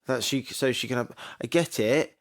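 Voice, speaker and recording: A man co-hosting a podcast in casual chat, animated and argumentative. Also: mid-range voice, moderate pace. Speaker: podcast co-host.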